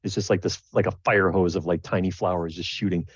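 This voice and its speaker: A man's voice: deep voice, fairly even intonation, brisk, breathy edge, dry recording, lo-fi sound. A man narrating as game master of a tabletop game, rambling and repeating words as he goes.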